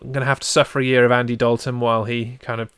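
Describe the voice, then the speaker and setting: A man in his thirties, co-hosting a sports podcast and telling stories in an excitable, animated way. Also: mid-range voice, very fast, smooth, no echo, studio quality. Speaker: podcast co-host. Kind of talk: casual sports podcast chat.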